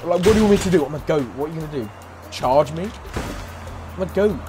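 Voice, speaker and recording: A man giving excitable, profane let's play commentary as a gaming YouTuber, trash-talking and shouting now and then. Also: on the high side, quick pace. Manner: shouts and whoops suddenly. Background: game music.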